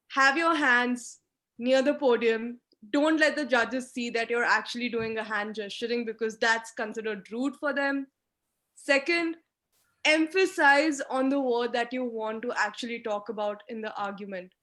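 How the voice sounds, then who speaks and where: A woman's voice: a little high, fairly bright tone. Emphatic woman giving an online lecture. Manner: emphatic, instructive, talks with hand gestures. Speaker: guest speaker teaching mooting. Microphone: video call.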